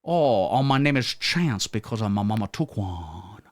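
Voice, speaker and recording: A man's voice: lowish voice, sing-song, normal speed, dry recording, pitched below the performer's own voice. A man voicing a goofy bayou character with a put-on drawl. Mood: hammy.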